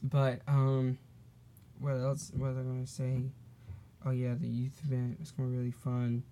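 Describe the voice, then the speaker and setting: A man's voice: medium pitch, normal speed, a little hiss or hum. A teenage boy talks casually on his solo podcast. His storytelling rambles, full of "um"s and restarts, and he sometimes acts out the people in his story. His tone is loose and chatty. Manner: rambling and animated, with many fillers and restarts. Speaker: podcast host.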